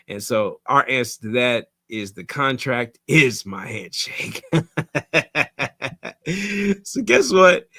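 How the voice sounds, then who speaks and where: Emphatic guy coaching on a live stream, dry close sound, mid pitch. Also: a bit bright, no echo. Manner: emphatic, preachy, repeats for effect. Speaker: real estate coach. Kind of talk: livestream coaching talk.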